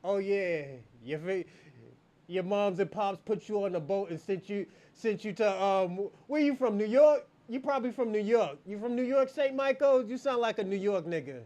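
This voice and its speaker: Male livestream host with a high voice; taunting banter with chat, crude and laughing. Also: moderate pace, warm tone. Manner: mocking and taunting, laughs often, heavy profanity. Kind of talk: casual livestream banter with viewers.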